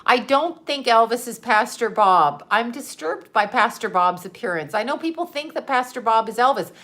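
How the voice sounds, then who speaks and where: A woman's voice: fairly high pitch, animated, moderate pace, fairly bright tone. A middle-aged woman from Canada, chatting bluntly and emphatically on a casual livestream, swearing freely and laughing often. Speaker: livestream host.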